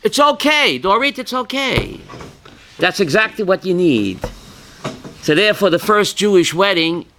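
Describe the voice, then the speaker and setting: A man leading a Torah class, his high voice leaping up and down as he quizzes listeners by name. He has a bright, forceful edge and pushes hard when he wants a point to land. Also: very animated, unhurried. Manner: calls on listeners by name, asks questions, bursts loud. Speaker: rabbi teaching a class.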